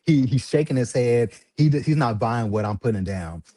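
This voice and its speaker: Husky man telling a lively story. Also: moderate pace, dry recording. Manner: animated, laughs often, jumps into high voices when quoting. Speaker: livestream host telling a story. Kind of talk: casual storytelling.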